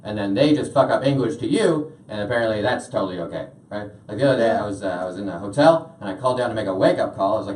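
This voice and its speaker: A young man doing a stand-up routine in a comedy club, deadpan, with lots of "uh" fillers. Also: fairly low pitch, very fast, hardly any pauses. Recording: roomy club sound from a distance.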